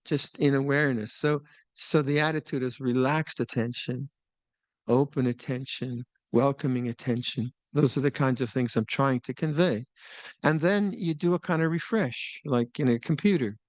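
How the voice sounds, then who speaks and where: An older man teaching meditation at a retreat, talking in a relaxed, musing way with small laughs and restarts. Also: medium pitch, normal speed, no room sound. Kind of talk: Dharma talk at a retreat. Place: retreat hall.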